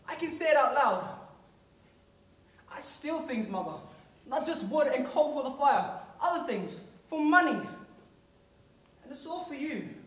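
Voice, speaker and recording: A man's voice: very high-pitched, fairly bright tone, exaggerated voice. A teen acting an earnest poor paper boy. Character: poor twelve-year-old newspaper boy. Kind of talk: school stage play. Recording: echoey hall, from far off.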